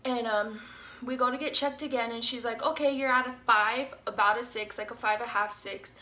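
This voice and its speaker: A woman's voice: a little high, brisk. A young woman vlogger telling a story in a casual, chatty way, saying "like" a lot. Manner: chatty, animated, says "like" often.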